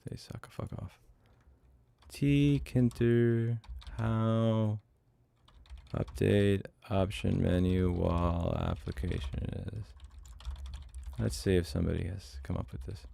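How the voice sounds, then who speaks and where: A middle-aged man livestreams himself coding, muttering to himself as he works in casual, blunt, profane talk. His voice sits low and dark, with fairly even intonation, a slow pace, a creaky texture, and frequent pauses.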